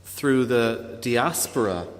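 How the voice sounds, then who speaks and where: A man's voice: medium pitch, lively intonation, slow pace, slight background noise. A man hosting, putting a question to a guest, hesitant and restarting his phrases. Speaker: host. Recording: hall reverb.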